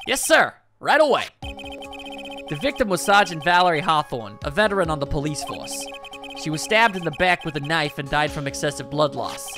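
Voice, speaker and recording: A man plays a keen, bumbling police detective, raised in pitch and loud, snapping out "yes, sir" to the court. Game music sits clearly behind. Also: big pitch swings, normal speed. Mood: eager. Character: eager, dim male police detective.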